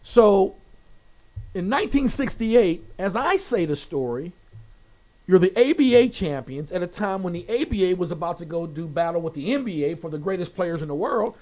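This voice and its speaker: A man interviewing a guest, telling stories with lively quoted voices. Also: moderate pace. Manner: animated storyteller, quotes people with lively pitch jumps. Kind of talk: casual storytelling interview.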